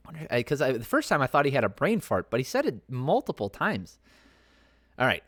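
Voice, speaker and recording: A man's voice: medium pitch, big pitch swings, fairly quick, no echo, clean studio sound. A man hosting a podcast, giving a casual, rambling breakdown of fights with profane asides and lots of filler words. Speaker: podcast host.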